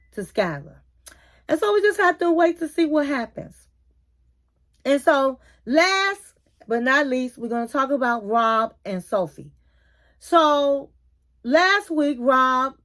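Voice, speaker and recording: Woman vlogger, high voice, blunt and sassy, casual informal recap. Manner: informal, colloquial phrasing. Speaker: YouTube reality TV commentator. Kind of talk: casual episode recap and opinion.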